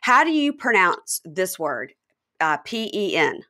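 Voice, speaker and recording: A woman's voice: on the low side, big pitch swings, slow, pushed and bright. A woman from Mississippi with a Southern accent, hosting a podcast in casual, chatty conversation and telling stories with animation. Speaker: podcast host. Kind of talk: casual chat.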